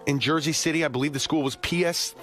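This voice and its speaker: A man on a radio show telling a personal story in an earnest, halting way, with many pauses and restarts. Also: a little high, fairly even intonation, fairly bright tone, soft background music. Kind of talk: casual studio talk. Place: radio studio.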